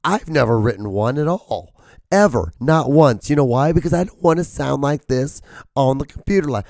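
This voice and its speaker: A man with a worn, hoarse voice rambles through a solo comedy podcast, cursing casually and joking as he goes. His tone is mellow and the recording is close and dry. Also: mid-range voice, animated, moderate pace, no echo. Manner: rambling, profane, jokey. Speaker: podcast host.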